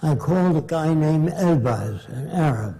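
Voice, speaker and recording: An older man lecturing in a blunt, story-driven way, slipping into the voices of the people he quotes. His voice sits a bit high for a man but sounds mellow and dark in tone. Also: expressive, unhurried, poor audio. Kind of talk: lecture answer with anecdotes.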